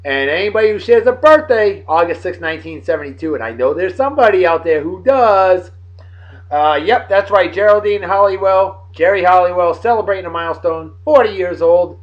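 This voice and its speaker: Animated, sarcastic New man. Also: high-pitched, a little fast. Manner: animated, jokey and sarcastic, with big swings in loudness. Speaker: video blogger. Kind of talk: casual on-this-day commentary. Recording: dull lo-fi recording.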